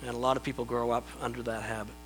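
Preaching in a conversational, self-deprecating style, a middle-aged pastor often repeats his words as he begins a thought. His medium-pitched voice barely moves in pitch and races along, captured in a low-quality recording with slight background noise.

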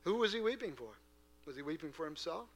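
A man preaching a sermon to a church congregation, earnest and full of rhetorical questions, moving between hushed asides and loud, emphatic passages. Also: fairly high pitch, expressive, fast talker, slight background noise. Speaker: pastor.

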